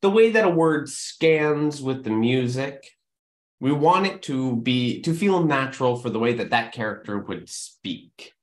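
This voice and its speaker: A man's voice: mid-range voice, lively intonation, measured pace. A man who writes musical theatre, giving an emphatic lesson to camera and often checking in with the viewer. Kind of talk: educational talk to camera. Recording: echoey room.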